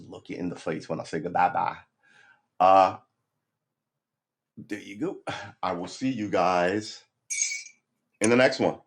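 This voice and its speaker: A man hosting a casual home livestream, relaxed and chatty, often coaxing his dog in a sing-song voice. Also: sits low, creaky. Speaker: livestream host. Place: home room.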